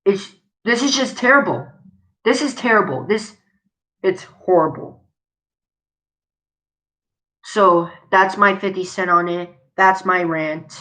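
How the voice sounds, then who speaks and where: A woman's voice: medium pitch, takes it slowly, pauses often, fairly bright tone, rough recording. A woman vlogger delivering an angry, profane video rant, repeating her points with indignation.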